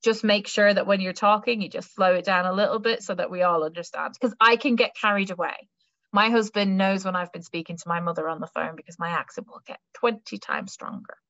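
A woman's voice: medium pitch, fairly even intonation, a little fast, fairly bright tone, no echo, muffled recording. A woman careers adviser giving a university careers webinar talk, chatty and reassuring, with many fillers.

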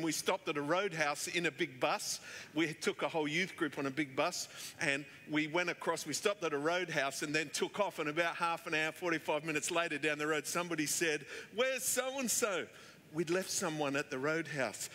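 Bright high-voiced pastor. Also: male voice. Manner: chatty storyteller, many fillers. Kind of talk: sermon with anecdotes. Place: church hall. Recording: echoey church hall.

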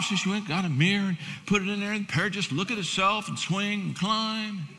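A man's voice: high-pitched, a little fast, hardly any pauses. Folksy man storytelling in a hall. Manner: folksy, repeats words, builds to loud emphasis. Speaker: speaker. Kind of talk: storytelling sermon. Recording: live talk in a reverberant hall.

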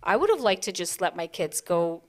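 A woman in her forties, a podcast co-host, chatting casually and telling stories with lively acted-out quotes. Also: fairly low pitch, normal speed. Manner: animated storyteller, acts out quoted voices. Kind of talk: casual chat.

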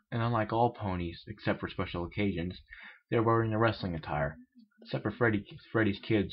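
A man's voice: lowish voice, dull audio. A man casually reading a crude fan story aloud, often stumbling over words. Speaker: reader of fan fiction.

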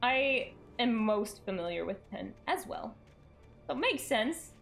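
Streaming a game live at her desk mic, a woman with a slightly high voice and vocal fry talks a little slowly to her viewers. Her reactions come in sudden, animated bursts of shrieking and laughter, over soft background music.

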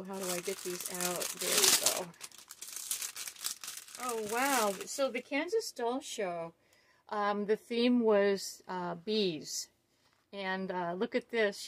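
Middle-aged woman, unhurried unboxing vlogger, breathless gushing delight. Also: medium pitch, background noise. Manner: gushing, awestruck, full of fillers. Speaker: doll collector vlogger. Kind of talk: casual unboxing chat.

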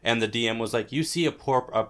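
Mid-pitched man, casual podcast co-host. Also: quick pace, a bit bright, clean tone. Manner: loose and rambling, many filler likes.

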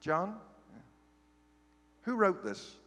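A man's voice: sits high, big pitch swings, drawn-out words, sharp tone. Chatty man preaching in a reverberant church. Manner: humorous, chatty asides. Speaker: guest preacher. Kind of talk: sermon with scripture reading. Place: large church sanctuary. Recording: long hall reverb.

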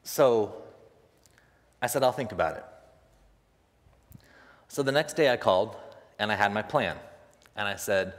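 A young man preaching a sermon, telling a personal story in an animated way and acting out the other people's voices, laughing often. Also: on the low side, unhurried, pauses often. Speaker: pastor. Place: church sanctuary. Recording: long reverb of a church hall.

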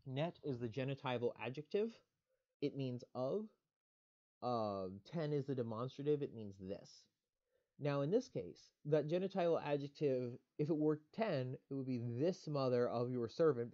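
A man's voice: medium pitch, animated, normal speed, dark tone, highs cut off. A man giving a recorded online lecture, explaining grammar step by step in a methodical way with casual fillers.

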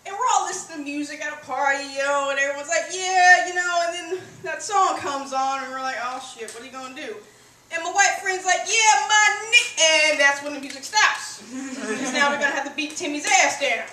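High bright woman doing brash stand-up. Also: a little fast, a little hiss or hum. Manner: brash, profane, punchy delivery. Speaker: stand-up comedian. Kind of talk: stand-up comedy routine. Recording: echoey room, far from the mic.

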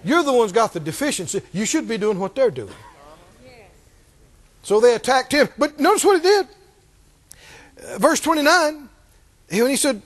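A man's voice: very high-pitched, moderate pace. A man preaching a sermon as pastor, calling out to the congregation and acting out the voices of Bible characters. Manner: animated, calls out to the congregation, acts out Bible voices.

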